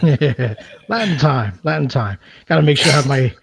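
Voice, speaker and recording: A man's voice: medium pitch, lively intonation, normal speed, gravelly, breathy edge. A man joking and laughing through casual podcast banter.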